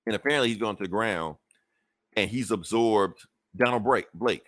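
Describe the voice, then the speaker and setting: A man's voice: lowish voice, unhurried, pauses often, fairly bright tone, no room sound. A man hosting a podcast, casually recapping a comic book storyline in a rambling, profane way with lots of fillers and restarts. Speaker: podcast host.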